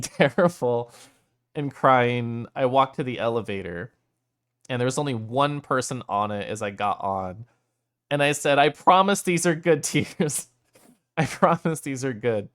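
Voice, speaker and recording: Male streamer, smooth clear voice, teary and emotional, laughs a lot while chatting at his desk mic. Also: medium pitch. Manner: emotional, laughs often between sentences. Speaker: streamer reading chat. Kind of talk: casual stream chat.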